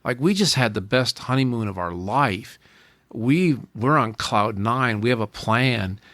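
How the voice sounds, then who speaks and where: A man's voice: mid-range voice, lively intonation, a little slow, fairly bright tone, no echo. A man in his forties, a podcast guest, telling a personal story in an earnest way, often repeating and restarting his phrases.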